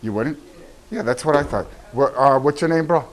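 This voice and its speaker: A man filming casual street interviews on a campus, asking loud, teasing, goading questions. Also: mid-range voice, normal speed.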